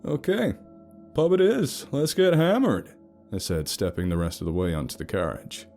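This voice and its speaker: A man's voice: deep voice, warm tone. A man narrating a first-person romance horror story in a wry, sarcastic storytelling manner.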